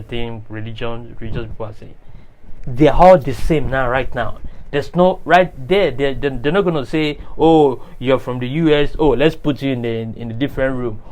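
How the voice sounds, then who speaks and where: A man's voice: fairly high pitch, a little mellow, low-quality recording. A man giving a motivational monologue, speaking straight to the listener, and repeating his key phrases for emphasis. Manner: preachy, talks straight to the listener.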